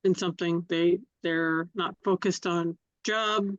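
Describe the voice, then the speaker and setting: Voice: mid-range voice, fairly even intonation, measured pace, dry recording. A participant answering on a video call, hesitant and searching for words. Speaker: webinar participant. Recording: dull lo-fi call audio.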